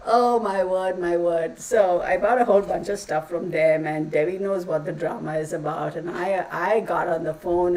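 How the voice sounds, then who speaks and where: A woman's voice: fairly low pitch, fairly even intonation, normal speed, hardly any pauses, darkish tone, distant mic, poor audio. A woman talking casually to her channel, blunt and exasperated, swearing now and then and using folksy insults. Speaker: channel host. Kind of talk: casual ranting vlog.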